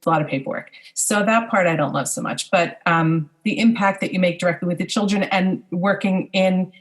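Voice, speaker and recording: A middle-aged woman, a speech pathologist guest, talking in a casual podcast conversation in a thoughtful way, pausing with fillers and restarting her sentences. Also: fairly low pitch.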